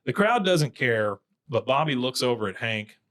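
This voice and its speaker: A man's voice: medium pitch, sing-song, fairly bright tone. A man co-hosting a podcast, casually retelling a cartoon episode scene by scene and quoting the characters. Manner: retells scenes with quick quoted impressions, laughs along. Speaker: podcast co-host. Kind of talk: casual chat recapping an episode.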